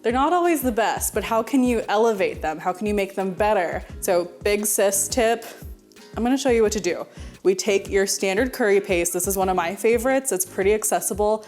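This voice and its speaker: Young woman from Houston, cooking host, bubbly and giggly, mid-pitched, faint music under. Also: lively intonation, brisk, darkish tone. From Houston, Texas. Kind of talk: casual cooking tutorial.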